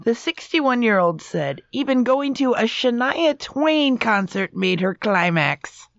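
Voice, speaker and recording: A woman's voice: fairly high pitch, expressive, takes it slowly, gravelly, dry recording. A woman reads out a story on a comedy podcast, breaking into laughter now and then. Her voice sits in a middle register, and the recording is dry and a little dull. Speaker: co-host reading a news story.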